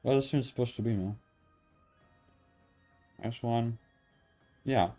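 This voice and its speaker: Slow and mellow, with a mid-range male voice, he grumbles and swears under his breath as he writes code on his stream. It's a casual session of thinking out loud. Faint music and keyboard clatter fill the background.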